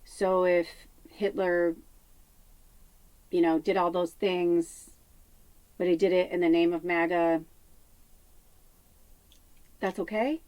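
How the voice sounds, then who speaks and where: A woman from telling a rambling story in casual, profane talk, drifting between lively bursts and hushed asides. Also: on the low side, slow pace, long pauses, smooth, dry recording, low-quality recording. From Chicago. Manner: rambling, profane, animated, drops to hushed tones. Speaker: spiritual medium and host.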